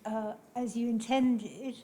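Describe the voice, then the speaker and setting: Woman in the audience, slow and soft, politely asks a question, faint hiss behind. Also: fairly high pitch, steady tone. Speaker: audience member asking a question.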